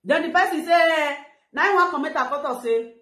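A woman's voice: sits high, fairly quick, a bit bright, reverberant. A middle-aged woman with a Nigerian Pidgin English accent, ranting animatedly on a live video and retelling what others said. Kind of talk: casual live-stream talk.

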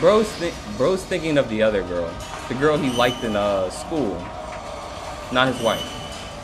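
Excitable man yelling through a horror game. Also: mid-range voice, a little slow, over music. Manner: excitable, yelling and joking while playing. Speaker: gaming channel host. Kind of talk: let's play commentary.

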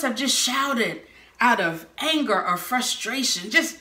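A woman preaching a sermon, telling stories with lively bursts of shouting. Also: a little high, slow pace. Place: church sanctuary or hall. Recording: echoey room.

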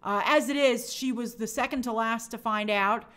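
A woman's voice: a little high, moderate pace, fairly bright tone. A woman hosting a live stream, chatting casually about a TV episode and reading viewers' comments aloud. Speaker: host of a TV and film news show.

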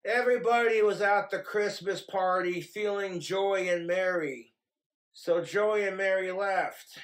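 Guy with a pretty high voice ranting crude and blunt into his camera, swears every other word. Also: a little slow. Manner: profane, blunt and rambling. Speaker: vlogger. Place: home in Wyoming.

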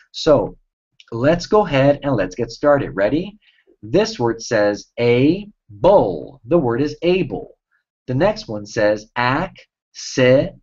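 A man teaching a children's reading lesson as a reading tutor, cheerful and enunciating each word slowly for young kids. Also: medium pitch, a little mellow. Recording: dull lo-fi recording.

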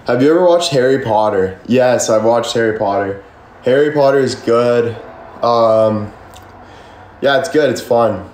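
A man's voice: mid-range voice, a little slow, darkish tone. A young man casually chatting on a livestream and answering comments, rambling with constant "like" fillers and frequent swearing. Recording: echoey room with faint ambience.

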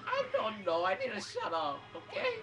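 A woman with a mid-range voice and wildly swooping pitch does let's play commentary at a moderate pace, hyper as she shrieks and swears at the game. Game music plays beneath her voice.

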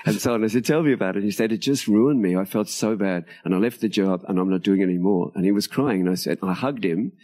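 Older man, dark husky voice, animated storyteller. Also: lowish voice, quick pace, few pauses. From Australia. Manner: animated storyteller, acts out quoted dialogue, laughs often. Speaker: interview guest, author. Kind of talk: storytelling in conversation. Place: outdoors at a tropical home near a beach.

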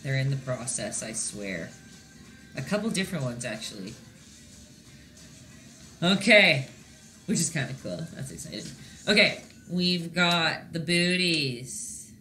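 A woman with a bright, clear voice walks viewers step by step through a painting on a casual live stream. She is chatty and encouraging and keeps checking in to make sure everyone is following. Faint music plays softly behind her. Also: deep voice, animated, measured pace, long pauses. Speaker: painting instructor.

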